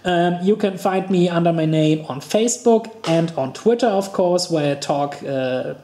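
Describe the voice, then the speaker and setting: A German-accented man hosts a podcast, chatting loosely with frequent restarts and little laughs. His voice sits warm and mellow. The recording carries a noticeable room echo. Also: a little high, slight background noise. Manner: halting, many restarts and laughs. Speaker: podcast host. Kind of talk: casual podcast chat.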